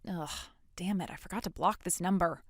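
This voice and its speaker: A woman's voice: lowish voice, brisk, no room sound, studio quality, close to an everyday voice. A woman playing a sarcastic, defiant young woman. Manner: sarcastic, blunt. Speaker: grown daughter in a voiced story. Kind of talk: dramatic story voice acting.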